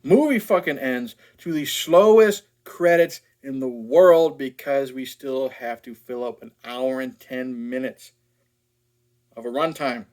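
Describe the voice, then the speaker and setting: A man's voice: medium pitch, a little slow, a little mellow. A man ranting in a casual movie review, blunt, profane and sarcastic.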